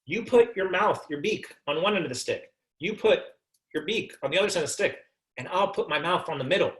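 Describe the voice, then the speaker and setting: A man voicing an eager little lost male frog in a story he tells, speaking in an excited, pleading way. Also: high voice, fairly quick, roomy sound.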